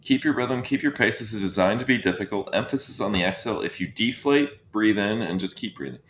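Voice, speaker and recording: A man leading a guided breathwork session, giving calm coaching cues and counting breaths. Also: lowish voice, fairly quick, a little hiss or hum. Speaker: breathwork instructor. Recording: roomy echo.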